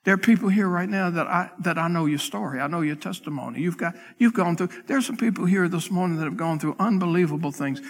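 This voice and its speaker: Impassioned preaching man, higher voice. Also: fast, few pauses, big-room sound. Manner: impassioned preaching, rising to loud peaks and dropping to hushed tones. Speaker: pastor. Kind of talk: sermon. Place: church sanctuary.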